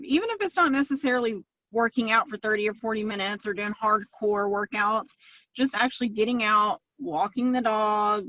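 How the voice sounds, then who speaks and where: A woman's voice: mid-range voice, sharp tone, no room sound. Chatty woman on a dull line. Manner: chatty, storytelling with quoted asides. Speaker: podcast guest, fitness client. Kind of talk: casual interview chat. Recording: dull lo-fi, dry sound.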